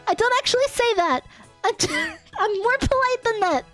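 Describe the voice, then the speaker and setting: A young woman streamer telling a story in an animated rant, giggling, exasperated and swearing casually. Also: very high-pitched, moderate pace. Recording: faint music behind.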